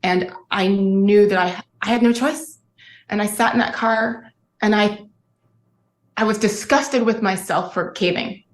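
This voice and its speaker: A woman's voice: mid-range voice, fairly even intonation, unhurried, roomy sound. A middle-aged woman, an interview guest, telling her story earnestly and emotionally, often restarting her sentences. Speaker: guest, former sportscaster.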